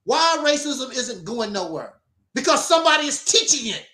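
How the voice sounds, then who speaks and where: Male host, very high and bright, emphatic preachy monologue with mocking asides, echoey room. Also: sing-song, moderate pace. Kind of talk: opinionated talk show monologue.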